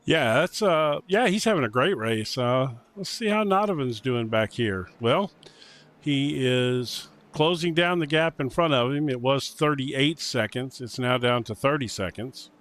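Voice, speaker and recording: A man from the United States giving relaxed color commentary on a sim race, rambling with ums and you-knows. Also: medium pitch, unhurried. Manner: chatty, rambling with um and you know.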